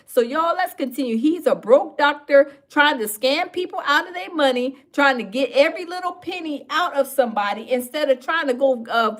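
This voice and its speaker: A woman's voice: high voice, fairly bright tone. A woman commenting on a livestream, sassy and mocking, talking straight to her viewers.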